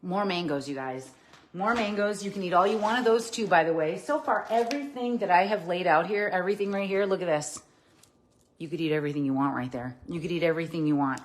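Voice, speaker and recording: A woman's voice: fairly low pitch, quick pace, a little hiss or hum. A woman who teaches plant-based cooking, chatting upbeat and enthusiastic on a live stream as she unpacks her groceries and talks straight to her viewers.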